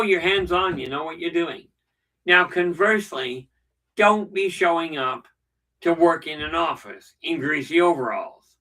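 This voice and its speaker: A man's voice: a little high, sharp tone, distant mic, low-quality recording. A middle-aged man hosting a casual live stream, telling stories with dry jokes. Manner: chatty storyteller with dry jokes. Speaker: channel host.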